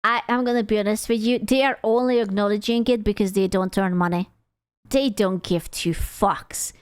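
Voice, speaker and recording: A woman's voice: mid-range voice, fairly even intonation, moderate pace, clear, resonant tone, no room sound, clean studio sound. A woman streamer casually reacting to a video, rambling, stumbling over words and swearing freely.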